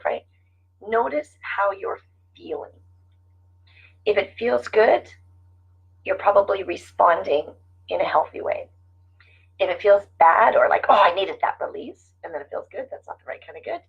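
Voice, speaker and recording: A middle-aged woman offers casual, earnest life-coaching to her viewers, frequently repeating her phrases. Her medium-pitched voice is gravelly and husky, captured in a dull, lo-fi recording.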